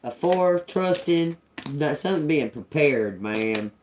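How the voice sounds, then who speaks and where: A woman giving a loose, casual spiritual reading to her audience. Her pitch swings widely as she talks, and she breaks into laughter often. She swears freely and keeps a streetwise, offhand manner, with a faint ambient hiss behind her. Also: expressive, takes it slowly, darkish tone. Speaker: intuitive reader.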